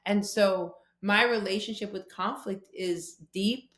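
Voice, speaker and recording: Animated woman, echoey room. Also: medium pitch, measured pace. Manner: animated storytelling with quoted voices. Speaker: guest speaker on conflict. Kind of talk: conversational podcast interview.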